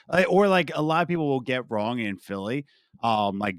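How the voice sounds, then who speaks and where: A playful American man with a faint Philadelphia accent, co-hosting a casual podcast. His mid-pitched voice moves up and down a lot as he talks, and the sound is close and dry. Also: expressive, normal speed, clear, resonant tone, dry recording. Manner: playful, laughs often. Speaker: podcast co-host.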